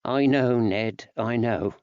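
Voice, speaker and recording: A man voicing a fond, fretful wife in old England who talks in a warm, earnest, chatty way. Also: medium pitch, takes it slowly, clear, resonant tone, no room sound. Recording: dry, slightly dull recording.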